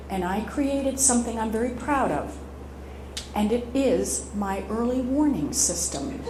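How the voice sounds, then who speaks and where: A woman's voice: fairly high pitch, expressive, unhurried. A woman in her fifties giving a humorous speech, telling comic stories and laughing often. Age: 50s. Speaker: motivational speaker. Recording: echoey hall with background noise.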